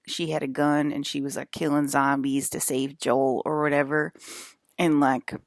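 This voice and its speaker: A woman's voice: low-pitched, creaky, no room sound, studio quality. A woman in a casual, rambling monologue, swearing freely and filling her speech with "like" and "um.". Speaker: vlogger.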